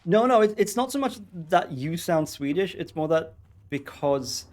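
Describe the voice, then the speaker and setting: A man's voice: on the high side, expressive, moderate pace, a little mellow. A young man streaming a game and chatting casually in a rambling, easygoing way. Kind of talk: casual chat.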